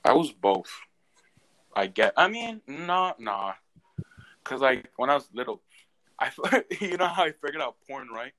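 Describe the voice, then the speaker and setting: A young man telling stories in a casual chat, animated and profane, often bursting into loud exclamations. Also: medium pitch, unhurried, pauses often, no echo.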